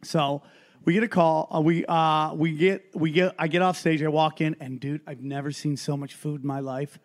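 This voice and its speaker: A man with a fairly high voice spins a long story as a comedian guest. He rambles, swears freely and throws himself into it. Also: moderate pace. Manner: profane, rambling and animated. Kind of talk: casual storytelling.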